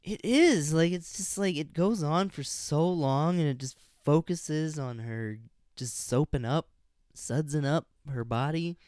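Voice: medium pitch, measured pace, darkish tone, dry recording. A podcast co-host chatting casually about a movie, dropping dry, wry interjections. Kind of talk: casual movie recap chat.

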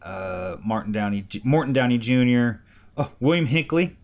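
A man in casual podcast chat, offhandedly reading items off a list with pauses. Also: mid-range voice, expressive.

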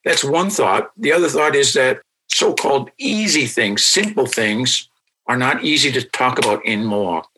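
A man who teaches a language, answering interview questions in a patient, explanatory way and repeating example words slowly. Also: medium pitch, animated, sharp tone, slight background noise, low-quality recording.

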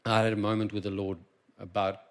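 A South African man preaching a sermon in church, impassioned and swinging from quiet asides to loud emphasis. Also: on the low side, flat delivery, fairly quick. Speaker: pastor.

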